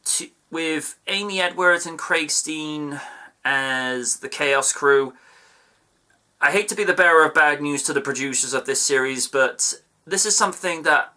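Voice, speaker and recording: A man's voice: a little high, a little slow, sharp tone. A man giving a casual, chatty review of an episode, with playful asides and digressions. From United Kingdom.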